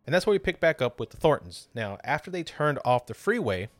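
A man's voice: fairly high pitch, very animated, a little fast, no echo, soft background music. A man hosting a podcast, narrating a true crime story with drama and casual swearing. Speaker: podcast host.

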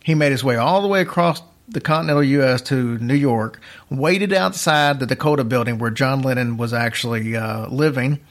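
A man with a mid-range voice tells a story on a podcast. His delivery is casual and rambling, full of restarts and fillers. His pace drifts between quick bursts and slow, drawn-out phrases. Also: medium pitch. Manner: rambling, chatty, restarts sentences, uneven pace.

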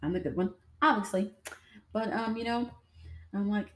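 A woman's voice: mid-range voice, moderate pace, pauses often. A young adult woman telling her own stories to viewers in a casual, rambling way, full of fillers. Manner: chatty, rambling, with many fillers. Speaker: vlogger. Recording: echoey room.

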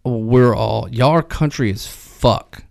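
A man's voice: medium pitch, takes it slowly, gravelly, a little mellow, no echo, studio quality. A young man from Missouri with a Midwestern accent, rambling through stories and crude jokes in a casual chat. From Missouri, USA. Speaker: podcast co-host.

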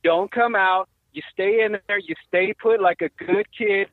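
A man's voice: high voice, steady tone, unhurried, no echo. A man calling in to a sports radio show, hyped and trash-talking as a fan. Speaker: caller. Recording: dry, tinny phone line.

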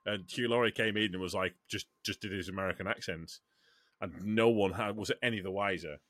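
A man hosting a casual podcast chat, animated, with frequent restarts and the odd swear word. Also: fairly low pitch, fairly quick, no echo. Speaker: podcast host.

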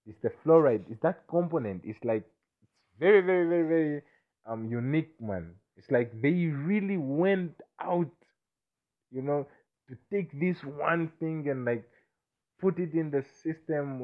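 The tinny, phone-like recording captures an intoxicated man talking to himself at length. His voice sits in the middle range, and he stumbles over words, restarts his sentences, and repeatedly checks whether you follow him.

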